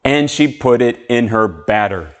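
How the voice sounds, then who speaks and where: A man teaching an English lesson on video, speaking slowly and carefully as he models sounds and words. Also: mid-range voice, lively intonation. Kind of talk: slow, clear classroom video lesson.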